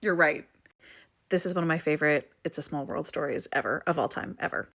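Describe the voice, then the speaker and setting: A woman from rural Vermont telling a story in a casual storytime vlog, animated and playful with comic exaggeration. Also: low-pitched, a little fast. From rural Vermont, USA. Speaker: storyteller, mother.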